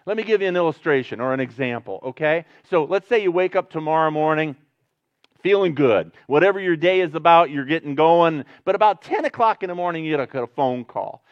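A man preaching a sermon in an earnest way, dropping to a hush and then pressing hard on key words. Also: a little high, expressive, fairly quick, dry recording, dull audio. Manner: earnest preaching, swings from hushed to emphatic. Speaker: pastor.

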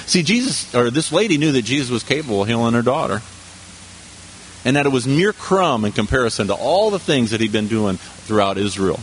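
This pastor talks through his sermon casually, tossing rhetorical questions and side comments at the congregation. He speaks briskly in a mid-range, sing-song voice, and there's slight hiss or hum on the track.

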